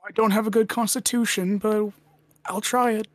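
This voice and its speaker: A woman's voice: medium pitch, steady tone, normal speed, no echo, natural voice. A woman playing a nervous young male prisoner in a tabletop game, hesitant and stammering. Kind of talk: tabletop role-play.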